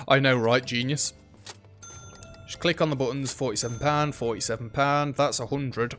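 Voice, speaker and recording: A man's voice: medium pitch, moderate pace, a bit bright, soft background music. A man chatting and joking through a shop management game, talking to the customers on screen. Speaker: gaming YouTuber. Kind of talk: let's play commentary.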